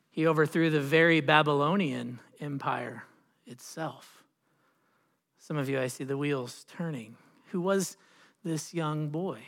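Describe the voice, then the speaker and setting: A man preaching a sermon as pastor, telling a story with dramatic pauses and swelling emphasis. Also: on the high side, fairly bright tone. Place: church sanctuary. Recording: long reverb of a church hall.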